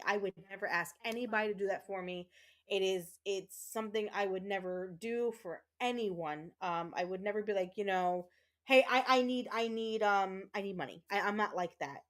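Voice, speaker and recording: A woman with a mid-range, fairly bright voice streams a game and chats casually with her viewers, rambling with plenty of fillers and restarts. She's tearing up as she thanks them emotionally.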